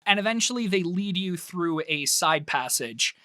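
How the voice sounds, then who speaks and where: A man running a tabletop game, describing scenes at length and stretching words for effect. His tone is bright and forceful, and the sound is dry and close to the mic. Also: sits high, animated, no echo. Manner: descriptive, drawn-out emphasis. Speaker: game master.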